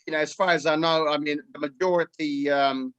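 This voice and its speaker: A man's voice: fairly high pitch, fairly even intonation, a little fast, fairly bright tone, clear, resonant tone, dry recording, dull audio. A man from New Zealand, a farmer guest in an interview, speaking hesitantly with many fillers. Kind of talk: casual interview.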